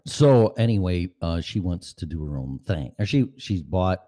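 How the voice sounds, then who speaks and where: Man, podcast host, deep voice, swings up and down, profane, rambling, home studio mic. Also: expressive, moderate pace, warm tone, slight background noise. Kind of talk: casual rambling monologue. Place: apartment at home. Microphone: studio mic with headphones.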